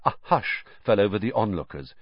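A man narrating a children's fantasy audiobook in an expressive, animated reading. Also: fairly low pitch, fairly quick, breathy edge, no echo, dull audio. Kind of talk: scripted narration.

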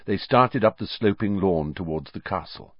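A man narrating an audiobook in an expressive storytelling manner. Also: sits low, normal speed, dry recording, muffled recording. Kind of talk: scripted narration.

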